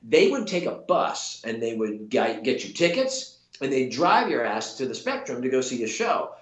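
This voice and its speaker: Animated man telling a story, roomy echo. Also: mid-range voice, normal speed. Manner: animated, many restarts and quoted voices. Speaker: actor guest. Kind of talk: casual storytelling.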